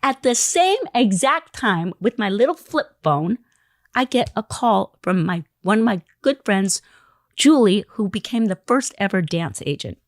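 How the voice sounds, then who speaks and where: A woman telling an anecdote in an interview, animated, acting out the lines she quotes. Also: medium pitch, a little slow, no echo, clean studio sound. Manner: animated storyteller who acts out quoted lines. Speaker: interview guest.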